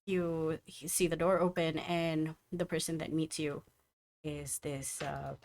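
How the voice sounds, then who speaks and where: A woman runs a tabletop game as game master. Her voice sits fairly low, and her narration is casual and full of restarts and repeated words. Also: flat delivery, measured pace, a little mellow, slight background noise.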